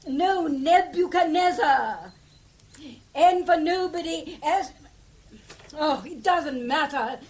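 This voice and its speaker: A woman's voice: sits high, slow pace, darkish tone, a little hiss or hum. An actress playing a flustered aristocratic English lady in a 1950s radio play, fluttery and exclamatory.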